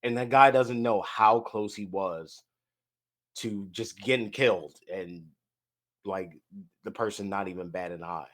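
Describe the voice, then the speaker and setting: A young man co-hosting a casual podcast chat, relaxed and agreeable, often chiming in with short reactions. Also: fairly low pitch, a little slow. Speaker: podcast co-host.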